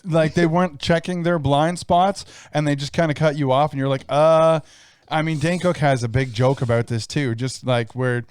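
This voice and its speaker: A man with a smooth, resonant voice sitting slightly high tells stories in a casual podcast chat and acts out the lines he quotes. He is recorded close up on a dry mic with no room sound. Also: normal speed, dry recording. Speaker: podcast co-host.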